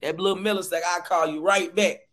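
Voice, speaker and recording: A man's voice: high voice, steady tone, quick pace, fairly bright tone. A man talking casually as a guest on a game show, rambling and cursing. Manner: rambling, profane, laughing, trails off.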